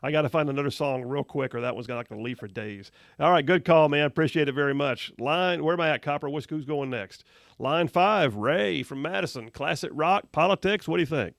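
Male talk radio host, gravelly, slightly high voice, dry close studio mic. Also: dry recording. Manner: upbeat, quick banter with callers, frequent laughs.

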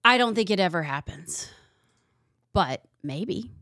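A woman's voice: on the low side, animated, creaky, fairly bright tone, no echo. Lady host, joking thru headlines, dead dry mic. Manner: sarcastic, laughing, quick. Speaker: talk show host. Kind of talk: news roundup chat.

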